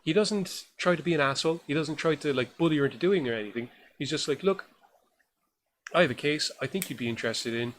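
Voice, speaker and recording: A man's voice: a little high, fast, a little hiss or hum. A man co-hosting a horror film podcast, reviewing a new film in casual, enthusiastic, rambling chat. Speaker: podcast co-host.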